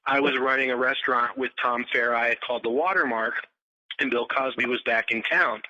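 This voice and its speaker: A man's voice: medium pitch, fairly even intonation, a little fast, sharp tone. A man who is a chef talks eagerly as a podcast guest and laughs readily. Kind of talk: casual chat. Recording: muffled podcast recording.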